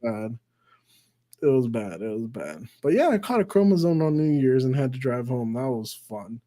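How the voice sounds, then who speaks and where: A man on a live stream rambles through a story at an ordinary mid-range pitch. He swears freely and restarts his sentences. He mocks himself as he talks to chat from a desk mic. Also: expressive, brisk, warm tone. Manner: self-mocking, laughs at his own story.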